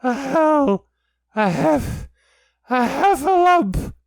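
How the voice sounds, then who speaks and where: Tiny frightened piglet, squeaky, stammering, shouting, dry close sound. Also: male voice, slow, no echo. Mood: panicked. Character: timid small male piglet, panicky.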